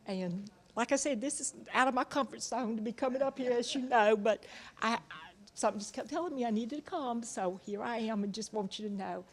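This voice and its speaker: A woman giving a heartfelt tribute to her best friend, speaking haltingly. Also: a little high. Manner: halting, emotional. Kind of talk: emotional spoken tribute.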